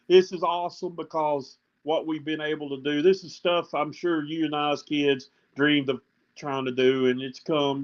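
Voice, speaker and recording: Guy telling a football story, kinda high voice, sounds dull and lo-fi. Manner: animated storyteller, heartfelt. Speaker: guest coach. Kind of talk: casual talk show chat.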